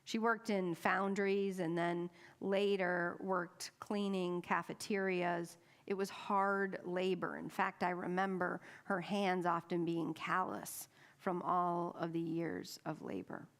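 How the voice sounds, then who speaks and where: A woman's voice: lowish voice, fairly even intonation, slow pace, gravelly. A middle-aged woman minister giving a sermon, telling a personal story with wry humor and acting out the lines of the people in it. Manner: wry storytelling with acted-out quotes.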